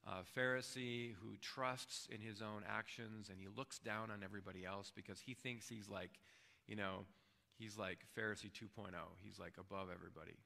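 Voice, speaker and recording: A man pastor preaching a sermon in a relaxed, conversational way, often checking in with his listeners. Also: fairly low pitch, normal speed, gravelly, big-room sound. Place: church sanctuary.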